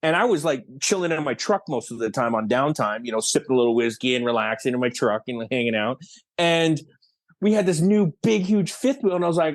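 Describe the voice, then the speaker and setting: A man's voice: a little high, quick pace. A man from Canada, a guest actor and filmmaker, telling stories in a casual podcast interview, acting out quoted lines and laughing often. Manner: animated storyteller who acts out quoted lines and laughs often.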